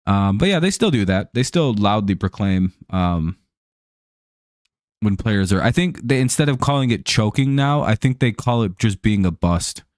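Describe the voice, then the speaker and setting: An American man calls plays and rambles casually through a live stream, swearing and filling gaps with "like" and "um". His voice sits on the low side. The sound is dry and close, with almost no room echo. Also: animated, normal speed. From United States. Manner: rambling, profane, heavy on fillers. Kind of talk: casual chat over a live baseball game.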